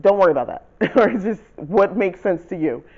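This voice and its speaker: A man hosting his own channel, casually walking viewers through rewriting a spell, chatty and self-correcting, reading spell lines out slowly. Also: high voice, lively intonation, muffled recording. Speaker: channel host teaching spell writing. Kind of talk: casual how-to explanation.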